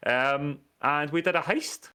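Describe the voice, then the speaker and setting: A man's voice: fairly high pitch, measured pace, pushed and bright, clean tone. A man co-hosting a podcast, chatting casually with dry jokes. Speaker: podcast co-host. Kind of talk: casual chat.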